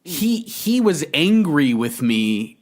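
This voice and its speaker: A man's voice: a little high, big pitch swings, slow pace. A man from Canada co-hosting a podcast, talking in a heated, profane, casual way. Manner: heated, profane, swears freely. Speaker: podcast co-host. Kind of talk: casual chat.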